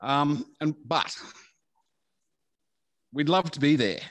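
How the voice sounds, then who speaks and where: A middle-aged Australian man, father of the groom, giving a halting wedding speech over a video call and laughing between phrases. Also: on the high side, expressive, fairly bright tone, no room sound.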